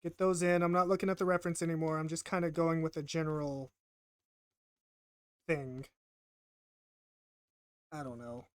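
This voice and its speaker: A man's voice: on the high side, steady tone, moderate pace, pauses often, clean tone, dry recording. A man casually narrating while he draws, rambling and self-deprecating, often stammering and repeating himself. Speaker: art vlogger.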